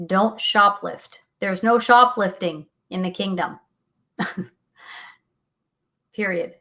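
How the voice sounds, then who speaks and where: A woman's voice: medium pitch, slow pace, pauses often, sharp tone. A middle-aged woman hosting a faith talk show, speaking earnestly and animatedly, often laughing, reading out listener comments. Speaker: radio show host.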